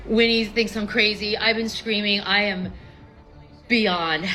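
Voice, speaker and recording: A woman in her fifties, out of breath and excited, talking fast and swearing as a sports fan on a live stream. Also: mid-range voice, soft background music, rough recording. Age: 50s. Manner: excited, swearing, laughing between lines.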